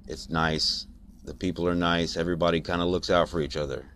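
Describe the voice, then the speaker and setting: A man, hoarse and congested from being sick, rambling reflectively in a late-night solo podcast. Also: low-pitched, fairly even intonation, a little fast, a bit bright, a little hiss or hum. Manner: rambling, reflective, many fillers. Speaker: podcast host.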